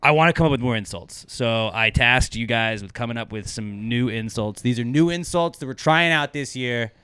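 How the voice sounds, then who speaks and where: A man hosting a casual podcast, cursing freely and getting loud as he acts out insults. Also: mid-range voice, normal speed, clear, resonant tone, no echo. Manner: profane, animated, swings loud when acting out insults. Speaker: podcast host.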